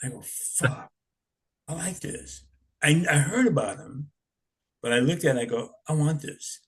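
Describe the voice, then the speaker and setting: A man's voice: on the high side, fairly quick, slightly rough. A man in his sixties telling stories in a rambling, laid-back way, swearing often. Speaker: interviewee, punk musician. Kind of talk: casual storytelling.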